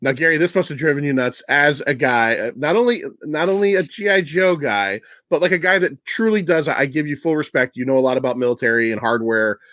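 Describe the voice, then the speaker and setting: A man hosting a casual movie podcast, retelling scenes with a laugh and quick put-on voices. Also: on the high side, expressive, fairly bright tone, dry recording, studio quality. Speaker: podcast host.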